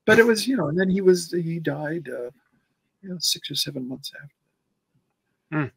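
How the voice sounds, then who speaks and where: A man in his sixties tells long stories in a relaxed interview, rambling and doubling back on his words. His voice sits a little high and has a gravelly, husky texture. The recording is dry and close. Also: moderate pace, no room sound, poor audio. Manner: rambling, repeats words when recounting. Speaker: comic artist guest. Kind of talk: casual interview storytelling.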